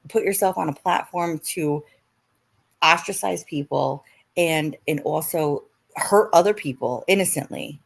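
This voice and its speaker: A woman's voice: lowish voice, creaky. A woman on a live stream defending herself in an argument, curt and swearing.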